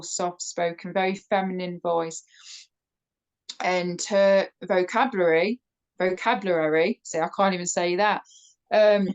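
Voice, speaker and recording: A woman from the United Kingdom with a British accent, a podcast guest telling a personal story in a casual, animated way, with many fillers and restarts. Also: mid-range voice, poor audio. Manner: laughs often while telling the story.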